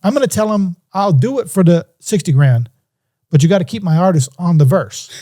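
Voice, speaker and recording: A man's voice: high voice, lively intonation, fairly quick, mellow. A middle-aged man and music producer telling a story in an interview, acting out phone calls in different voices.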